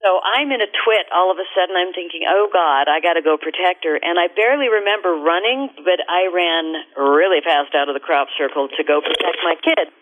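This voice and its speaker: A woman's voice: fairly low pitch, a little fast, few pauses. Woman telling a story over the phone. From America. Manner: animated, expressive storyteller. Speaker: guest. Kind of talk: storytelling on a radio interview. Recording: tinny phone line.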